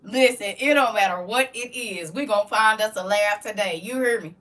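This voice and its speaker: Here a middle-aged woman chats casually on a home livestream, reading comments, teasing her audience and laughing frequently. Her mid-range voice is fairly bright and moves at a normal speed. The mic picks her up from a distance.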